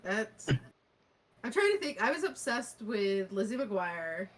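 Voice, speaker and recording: A young woman co-hosts a casual podcast chat, giggling and laughing often as she talks. Her medium-pitched voice is sing-song and slow, with crowd noise in the background.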